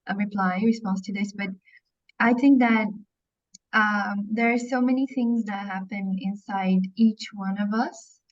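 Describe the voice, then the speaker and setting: A woman joining an online meeting as a participant, feeling cold and speaking thoughtfully while searching for words. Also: fairly high pitch. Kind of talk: casual chat on a video call. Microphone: video call. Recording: dull lo-fi video call audio.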